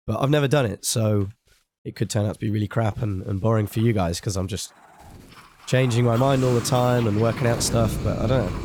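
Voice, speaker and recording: A man's voice: lowish voice, fairly quick, a little mellow, slight background noise. Rambling man streaming a game. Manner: rambling, self-deprecating chatter while playing. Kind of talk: casual live-stream commentary.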